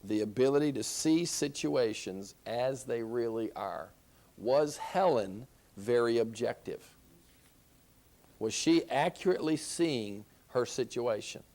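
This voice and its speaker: Lecturing slowly in a medium-pitched, darkish voice, a man leads a Christian counseling class with animated energy. He stresses points emphatically, repeats key phrases, and asks rhetorical questions.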